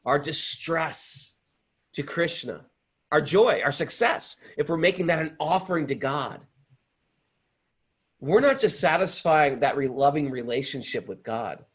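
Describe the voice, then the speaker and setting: A man hosting a spiritual talk, telling a story in an animated, earnest way. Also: on the high side, unhurried, husky. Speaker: host. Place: home in upstate New York.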